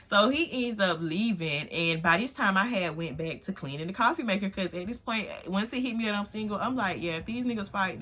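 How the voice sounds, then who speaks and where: Bright-voiced young woman telling a storytime. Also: medium pitch, brisk, few pauses. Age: 20s. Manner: animated, swings from hushed to loud exclamations. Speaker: vlogger. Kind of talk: casual storytime. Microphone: phone on tripod.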